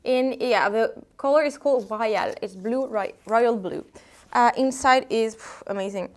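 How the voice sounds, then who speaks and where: A French woman speaking English with a clear French accent, in a slightly high voice. She talks in a chatty, hesitant way, with fillers and restarts, as she casually shows products to her viewers. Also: measured pace. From France. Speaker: vlogger selling secondhand luxury bags.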